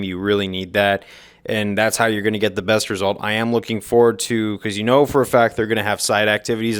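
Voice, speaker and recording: A man's voice: on the low side, clean tone. A young man talking through his opinions in a rambling, earnest monologue with frequent fillers, mentioning that he has the hiccups. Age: young adult. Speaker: gaming commentator.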